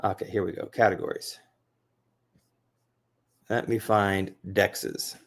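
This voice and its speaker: A man with a fairly low voice hosts an unscripted screen-share talk, jumping between hyped bursts and muttered asides. He rambles, repeats himself and fills gaps with ums and "I mean"s. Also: slow pace. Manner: excitable, rambling, frequent fillers and repeats. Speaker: crypto video host. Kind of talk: casual screen-share commentary.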